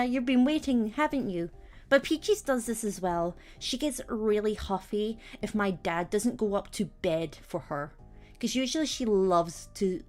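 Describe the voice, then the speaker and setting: A woman's voice: medium pitch, a little mellow. A young woman streamer chatting casually to her viewers, telling stories about her cats and laughing often. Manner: chatty storytelling, giggly, acts out her cats. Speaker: VTuber streamer.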